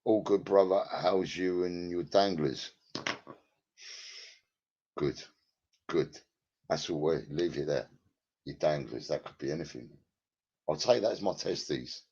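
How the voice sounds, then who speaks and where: Gravelly low-voiced man streaming. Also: slow, long pauses, dark tone. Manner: rambling, crude and profane, banters with chat by name. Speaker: live-streamer chatting with viewers. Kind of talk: casual live-stream chat. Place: at home in his flat. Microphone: headset. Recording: lo-fi, dull sound.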